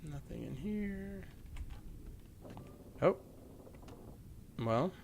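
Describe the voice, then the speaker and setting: A man's voice: fairly high pitch, expressive, drawn-out words, vocal fry, background noise. A man playing a mystery video game and thinking aloud, unsure and musing as he goes. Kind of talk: let's play commentary.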